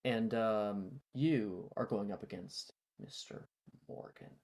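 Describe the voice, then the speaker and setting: A man narrating a tabletop game as game master, with many fillers and pauses. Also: on the low side, creaky, a little mellow. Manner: slow, halting, lots of fillers.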